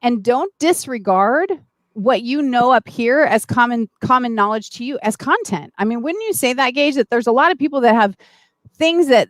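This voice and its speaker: A woman's voice: fairly high pitch, no echo. A woman hosting a live-stream interview, talking eagerly and speaking straight to her viewers. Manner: enthusiastic, addresses viewers directly. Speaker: host.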